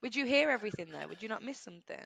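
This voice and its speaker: Giggly woman with a bright, gravelly voice. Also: mid-range voice, animated, no echo. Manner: giggly, playful, quick to laugh. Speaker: podcast co-host. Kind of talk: casual chat.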